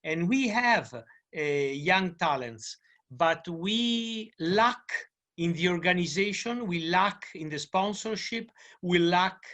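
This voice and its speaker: An Italian-accented man answers questions slowly in English, searching for his words with frequent pauses and fillers. His voice is bright and a little high for a man. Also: expressive. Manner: halting, many fillers and restarts. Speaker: Italian cycling journalist guest. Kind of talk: podcast interview.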